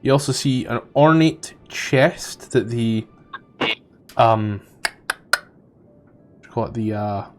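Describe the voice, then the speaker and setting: A man's voice: medium pitch, slow, pauses often. A male game master runs a tabletop session and describes the scenes casually. He rambles, stalls, and swears when he loses his train of thought. Faint music plays underneath.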